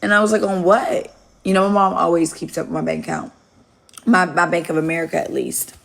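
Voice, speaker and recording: Low, gravelly-voiced young woman chatting. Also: little pitch movement, a little fast. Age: young adult. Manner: rambling, candid, swears freely, talks to viewers. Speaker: live streamer. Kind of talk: casual live-stream storytelling. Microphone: phone.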